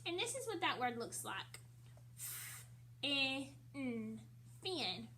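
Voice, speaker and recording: A young woman teaching a recorded phonics lesson to first graders, drilling letter sounds slowly and repeating each word. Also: sits high, wildly swooping pitch, fairly bright tone, slight background noise.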